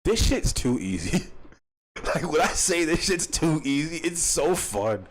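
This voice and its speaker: A man rants to his camera in a loose, profane, joking way. His pitch swings widely from low mutters to high outbursts, sitting around a middle register. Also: lively intonation, unhurried. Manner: rambling, profane, jokey, breaks into laughter. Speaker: YouTuber. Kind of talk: casual joking rant to camera.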